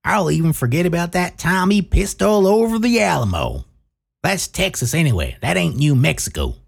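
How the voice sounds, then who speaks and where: A man's voice: fairly high pitch, sing-song, normal speed, creaky, breathy edge, voice pushed up, exaggerated voice. A man voicing a folksy small-town male booster with a put-on drawl.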